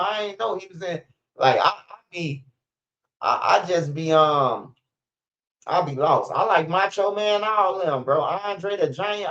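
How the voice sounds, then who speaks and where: A man's voice: fairly high pitch, fairly bright tone, muffled recording. A man hosting a casual news livestream, rambling and profane with stammering restarts. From Chicago, USA. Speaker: street news livestream host.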